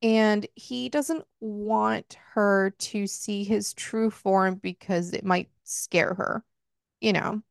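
A woman co-hosting a book club podcast, retelling a romance novel in a casual, profane, animated way. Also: medium pitch, takes it slowly, gravelly, clear, resonant tone, dry recording, studio quality. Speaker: podcast co-host. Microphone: close podcast mic.

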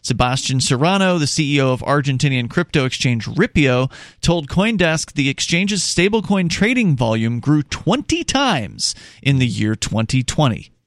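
A man's voice: medium pitch, very animated, normal speed, no room sound, clean studio sound. A man co-hosting a talk show in casual chat, explaining step by step and reading news passages aloud with small restarts. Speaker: podcast co-host.

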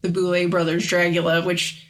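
A woman's voice: fairly low pitch, completely flat delivery, moderate pace. A young woman co-hosting a podcast, chatting casually and explaining things in detail with lots of "like". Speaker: podcast co-host. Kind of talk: casual chat.

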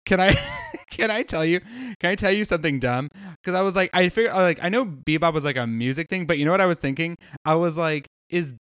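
A man's voice: fairly high pitch, a little fast, a bit bright, smooth, dry recording, clean studio sound. A man co-hosting a podcast in casual chat, goofy and joking, laughing at his own jokes. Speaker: podcast co-host.

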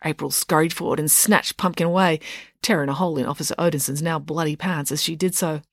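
A woman's voice: low voice, fairly even intonation, fast, dry recording, studio quality. A woman narrating a children's story as an audiobook, in a playful and wry storytelling manner.

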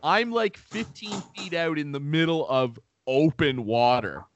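A man hosting a podcast, telling a comic story in an animated, profane, self-mocking way. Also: a little high, unhurried, dull audio, slight background noise. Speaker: podcast host.

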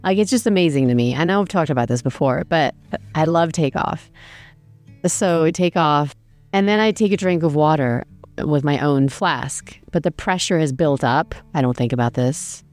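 A woman's voice: low voice, normal speed, darkish tone, faint music behind. A woman casually telling a travel story, chatty and self-deprecating, with many fillers.

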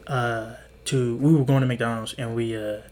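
There's a little hiss or hum under this mid-range, slightly mellow male voice, which moves at normal speed with fairly even intonation. He's a podcast host in his twenties telling rambling, profane stories as casual chat, restarting and acting out quotes.

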